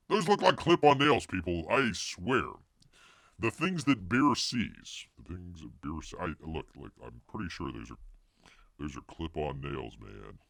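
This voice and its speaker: Male host, low gravelly voice, lively pitch, rambling jokey delivery, dry close sound. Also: no echo. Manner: rambling, jokey, refers to himself as Bear in third person. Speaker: livestream host. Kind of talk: casual news chat reading out chat.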